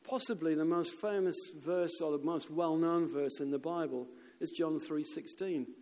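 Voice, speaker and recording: Animated preacher, hall reverb. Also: male voice, on the high side, normal speed. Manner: animated storyteller, shouts quoted crowds. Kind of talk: sermon with storytelling. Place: church. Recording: long reverb of a church hall.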